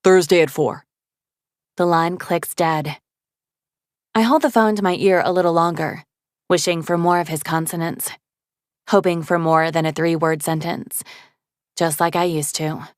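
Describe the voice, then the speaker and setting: A woman reading a first-person romance audiobook, expressive and voicing the dialogue herself. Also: on the low side, normal speed, long pauses, dry recording, clean studio sound. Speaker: audiobook narrator.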